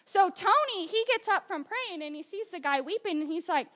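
A young woman giving an excited church testimony, telling her story with lots of fillers. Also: very high voice, normal speed. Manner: animated storytelling with many fillers.

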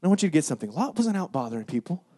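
A man's voice: fairly high pitch, sing-song, very fast, mellow, no room sound, clean studio sound. A man preaching a sermon in a church, emphatic and conversational, with frequent rhetorical questions. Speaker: pastor.

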